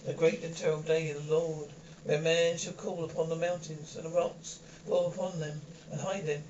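A man's voice: level tone, normal speed, a little mellow, echoey room, far from the mic, natural voice. A man voicing a distraught, despairing middle-aged male curate in an audiobook, speaking in an anguished, lamenting way. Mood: doom-laden. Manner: anguished, lamenting, raising pitch. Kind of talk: audiobook character voice. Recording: dull lo-fi recording with faint hiss.

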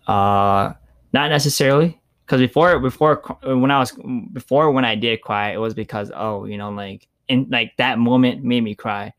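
A man's voice: medium pitch, normal speed, a bit bright. A man talking casually and reflectively, loose with filler words and the odd swear. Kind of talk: casual chat.

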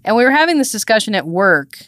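A woman's voice: mid-range voice, very animated, fast talker, fairly bright tone, dry recording, studio quality. A woman co-hosting a podcast, chatting casually and teasing her friend, often restarting her sentences. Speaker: podcast co-host. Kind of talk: casual chat.

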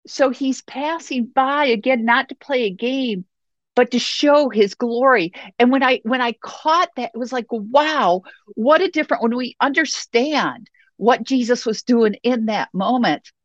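A woman's voice: a little high, a little slow, dry recording, lo-fi sound. A woman preaching a sermon in a conversational way, often checking in with "okay" and "you know".

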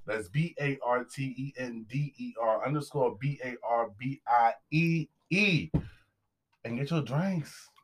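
A man's voice: medium pitch, unhurried. Young male host, easygoing joker, plain mid-range voice, casual banter. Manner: loose, joking, drags out words when reading a plug. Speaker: podcast host. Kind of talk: casual chat.

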